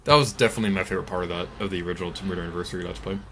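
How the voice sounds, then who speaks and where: A young man talking through a video game as he plays, chatty and excitable, laughing often. His voice sits fairly low but has a bright, forward edge to it. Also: rapid-fire, a little hiss or hum. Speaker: let's play host. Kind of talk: gameplay commentary.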